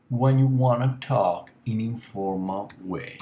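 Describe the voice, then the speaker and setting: Man, low voice, slow patient teacher, echoey room, faint keyboard noise. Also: lively intonation. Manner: slow, patient explaining with many uh and um. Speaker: Italian language teacher. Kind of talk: recorded screencast lesson.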